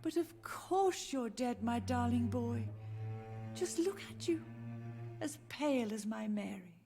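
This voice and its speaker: An actress playing an elderly, gently confused mother who grieves for her lost family in a video game. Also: fairly high pitch, animated, a little slow, over music. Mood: sorrowful. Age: older. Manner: soft, sorrowful, wandering. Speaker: game character.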